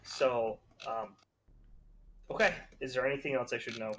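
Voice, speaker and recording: A man speaking as a player in a tabletop game, calm and deliberate. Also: mid-range voice, slight background noise. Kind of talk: casual tabletop play.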